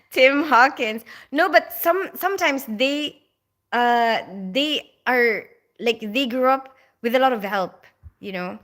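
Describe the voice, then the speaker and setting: Bright-voiced chatty woman live-streaming. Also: high voice, takes it slowly. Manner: chatty and rambling, laughs often, many fillers. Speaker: livestream host reading viewer chat. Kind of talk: casual live-stream chat.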